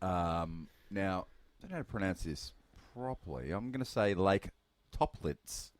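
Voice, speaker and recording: A man co-hosting a podcast with a low voice that swings widely in pitch. He talks in a jokey, lively way and stumbles a little when reading aloud. The delivery is loose and casual. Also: moderate pace, no room sound. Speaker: podcast co-host. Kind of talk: casual banter.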